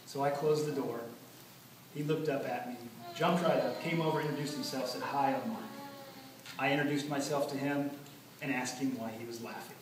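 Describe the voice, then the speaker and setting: A man giving an earnest memorial speech about his late father, telling stories with many pauses. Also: medium pitch, steady tone. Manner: earnest, storytelling, pauses often. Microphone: far from the recording mic. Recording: echoey hall from far off, noisy.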